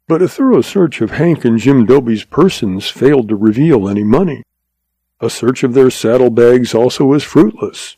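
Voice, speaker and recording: A man narrating a western story in a steady, measured audiobook reading. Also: mid-range voice, husky, no echo.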